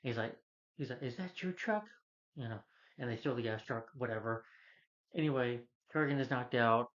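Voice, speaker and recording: A man in the middle of a loose, rambling movie review, working through the plot with fillers at every turn. His voice sits at an ordinary middle pitch. The recording has a slightly muffled, lo-fi quality. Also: fairly even intonation, normal speed, fairly bright tone. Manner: loose, meandering retelling with many fillers. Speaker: film reviewer.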